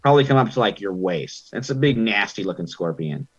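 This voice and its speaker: A man's voice: lowish voice, animated, brisk, husky, muffled recording, faint music behind. A man narrating a tabletop game as game master, chatty and loose, with many ums and likes.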